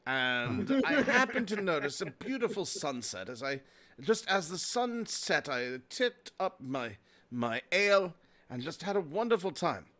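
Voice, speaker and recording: A man's voice: on the high side, sing-song, measured pace, sharp tone, exaggerated voice. A man putting on a posh tea-loving Englishman. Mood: genteel. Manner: genteel, rambling small talk. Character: chatty posh Englishman fond of tea and ale.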